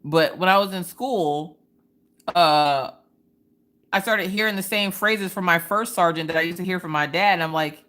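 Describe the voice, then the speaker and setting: A woman hosting a casual crafting livestream, telling stories in an animated, slangy way and talking straight to her chat. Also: fairly low pitch, moderate pace. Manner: animated storytelling, quotes people in different voices. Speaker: livestream host.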